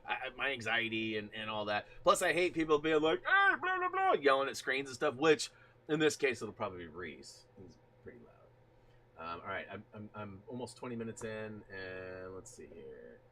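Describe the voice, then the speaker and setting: A man casually chatting while hosting a gaming live stream, greeting viewers from the chat in an animated way. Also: lowish voice, moderate pace.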